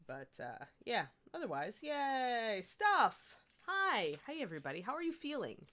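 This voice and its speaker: Young woman host, casual and chatty, a bit tired, with an animated, lively delivery. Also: a little high, unhurried. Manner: chatty, laughing, talks to her dog between remarks. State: sleepy after a broken night. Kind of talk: casual livestream chat while painting miniatures.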